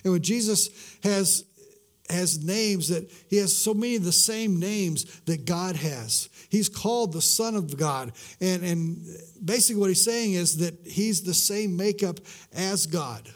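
High-voiced man preaching, hushing for emphasis. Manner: swings from loud emphasis to hushed, drawn-out words; repeats words and restarts mid-sentence. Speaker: pastor. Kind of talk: sermon.

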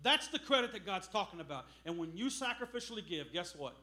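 A middle-aged man preaching a sermon as a missionary, telling stories with loud bursts. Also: sits high, fairly quick, hardly any pauses. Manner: animated storytelling with loud bursts.

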